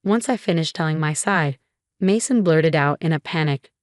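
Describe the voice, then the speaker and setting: A woman reads a first-person story in a scripted narration. Her voice sits slightly low. The sound is dry and close, and she reads steadily. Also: moderate pace, no echo.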